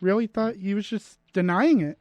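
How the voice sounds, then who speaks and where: A man's voice: high-pitched, moderate pace, dry recording. A man co-hosting a radio sports show, casually explaining game facts at length. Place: radio studio.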